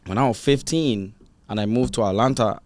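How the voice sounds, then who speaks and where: Young man, Virgin Islands accent, relaxed storyteller, dry close mic. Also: medium pitch, a little fast, no echo. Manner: animated storytelling, slangy, acts out quotes. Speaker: guest artist. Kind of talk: casual interview chat.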